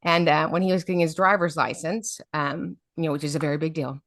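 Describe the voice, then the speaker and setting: A middle-aged woman with a low voice talks fairly quickly in a dry, clean studio recording. She's a special education advocate appearing as a guest, telling stories with lively energy and often checking in with "right?"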